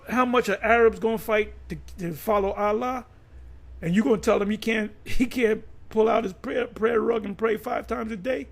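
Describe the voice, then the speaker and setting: A man with a notably high-pitched voice delivers a fiery, profane preaching rant. He is combative and emphatic, often restarting and repeating words as he pushes his point. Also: vocal fry. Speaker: religious teacher.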